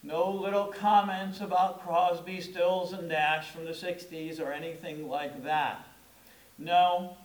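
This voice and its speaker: Middle-aged male pastor, high register, conversational storytelling sermon with emphatic stresses; roomy church echo. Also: steady tone, slow pace. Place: church sanctuary. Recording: echoey room.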